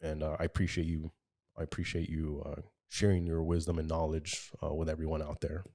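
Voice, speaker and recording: A man's voice: rumbling low, level tone, fairly quick, warm tone. A man hosting a casual podcast, thanking his guest in an encouraging way. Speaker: podcast host.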